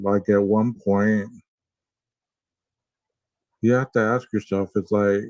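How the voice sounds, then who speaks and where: A man's voice: lowish voice, a little mellow, no echo, low-quality recording. A man co-hosting a podcast, musing aloud and asking rhetorical questions in a casual way. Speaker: podcast co-host. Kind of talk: casual commentary.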